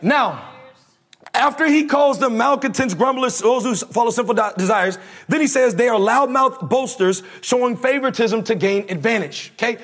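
A man's voice: very high voice, normal speed, fairly bright tone. A male preacher giving a conversational, slangy sermon, leading the congregation in call-and-response.

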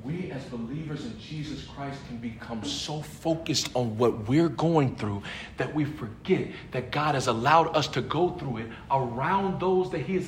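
High-voiced preacher. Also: male voice, a little hiss or hum. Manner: swings between low murmurs and high shouted emphasis; emphatic, with laughs between phrases. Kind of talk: sermon.

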